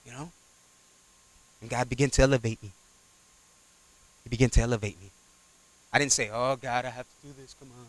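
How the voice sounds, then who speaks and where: A man preaching a sermon, swinging from loud exhortation to quiet asides and acting out little dialogues. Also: mid-range voice, fairly even intonation, fairly quick, long pauses, no echo. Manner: acts out little dialogues in character voices.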